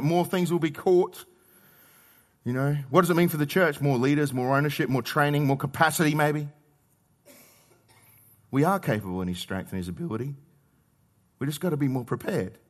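A middle-aged Australian man delivers a sermon with a fairly high voice. He talks to the congregation like a conversation, punching some words loudly and dropping others to quiet asides. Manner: conversational, swings between loud emphasis and quiet asides. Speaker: pastor.

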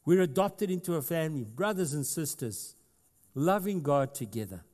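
A man's voice: on the high side, animated, normal speed, a little mellow. A man with a South African accent preaching a sermon as pastor, talking conversationally and building to emphatic passages. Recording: long hall reverb.

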